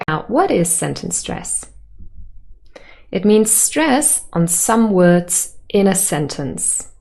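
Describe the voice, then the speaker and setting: Slow, gravelly-voiced woman teacher. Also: medium pitch, very animated, mellow. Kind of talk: explanatory lesson.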